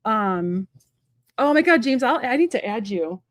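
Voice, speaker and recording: Fast, chatty woman reading tarot live. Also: a little high, lively intonation, no room sound, clean studio sound. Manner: fast, rambling and chatty, many fillers. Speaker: psychic medium and tarot reader. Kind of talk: live-stream tarot reading, casual chat to viewers. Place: at home.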